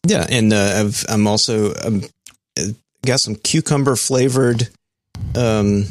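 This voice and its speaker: A man's voice: fairly low pitch, a little slow, dry recording, studio quality. A man co-hosting a podcast in casual chat, laid-back and rambling, from Alabama. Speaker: podcast co-host.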